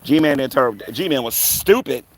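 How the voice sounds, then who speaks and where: A man's voice: mid-range voice, lively intonation, normal speed, dry recording. A man running a live stream, taunting rivals in a combative, rambling rant full of fillers. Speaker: online commentator on a live stream.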